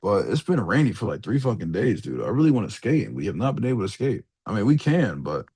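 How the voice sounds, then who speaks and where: A young man walks through a trading lesson in a loose, rambling way, dropping slang and curses as he goes. His voice is a little husky and swings widely in pitch, sometimes rising high and sometimes dropping low. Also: big pitch swings, fast talker, warm tone. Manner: laid-back slangy rambling, swears freely, calls listener dog and bro. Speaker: trading mentor. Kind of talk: casual screen-share trading lecture.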